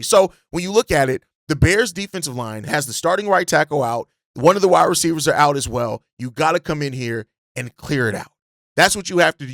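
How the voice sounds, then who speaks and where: A man's voice: fairly high pitch, a bit bright, no echo, clean studio sound. A male sports podcast host giving passionate, profane fan commentary, often repeating words as he gets worked up.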